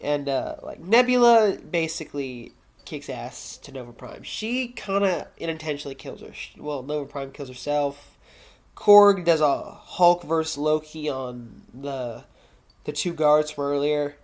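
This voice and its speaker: A man's voice: fairly high pitch, lively intonation, unhurried, darkish tone. A man talking casually into his camera at home, reviewing a TV episode and recapping the plot, rambling with lots of fillers and self-corrections.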